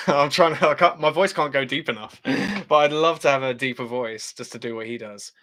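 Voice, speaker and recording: A man's voice: medium pitch, moderate pace, pushed and bright. A British man hosting a casual livestream, chatting as he reads out viewer comments, with frequent fillers and laughs. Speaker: channel host.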